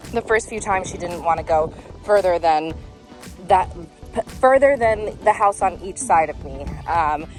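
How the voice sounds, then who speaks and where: A young woman dog trainer talking casually into her phone outdoors while walking, breaking into high sing-song praise for her dog. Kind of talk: casual vlog narration. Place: outdoors on a quiet street and bike path. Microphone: phone held in hand while walking.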